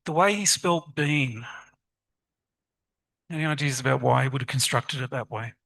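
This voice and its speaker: A man giving a lively, encouraging conference talk to teachers and asking the audience questions. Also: mid-range voice, moderate pace, vocal fry, dry recording, poor audio. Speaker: conference presenter on literacy teaching.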